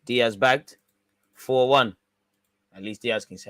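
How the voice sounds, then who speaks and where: Calling the live match again, this watch-along host banters in slang, breaking calm play-by-play with excited outbursts. His voice is on the low side at a normal pace, with long pauses and no room sound.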